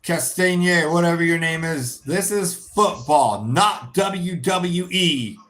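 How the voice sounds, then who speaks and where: A man hosting a football watch-along, reacting live with excitable shouting and frequent swearing. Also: on the high side, slow.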